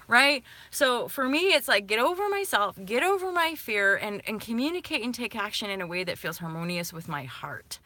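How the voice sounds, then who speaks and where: A woman vlogging to her viewers about spirituality, talking emphatically and swearing freely, swinging between soft and fired-up. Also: medium pitch, no room sound. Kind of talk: casual monologue to viewers.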